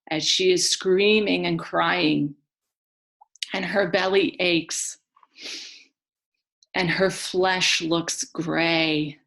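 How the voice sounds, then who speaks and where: A woman narrates an old myth in a solemn, dramatic storytelling style. Her voice is low-pitched and her pace is slow and deliberate. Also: creaky, a bit bright. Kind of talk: mythic storytelling.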